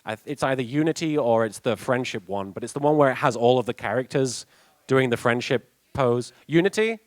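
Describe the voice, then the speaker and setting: A man's voice: medium pitch, animated, fairly quick, no room sound. Young british guy chatting at a con panel, laughs a lot, dry close mic. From England. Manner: chatty, laughs often, many restarts. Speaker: voice actor answering fan questions at a convention panel. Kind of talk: casual panel Q&A. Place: convention panel room.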